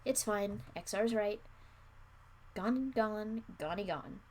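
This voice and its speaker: A woman's voice: medium pitch, takes it slowly, a little mellow. A woman voicing a weary, grumpy young male space ranger. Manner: sighing, grumpy.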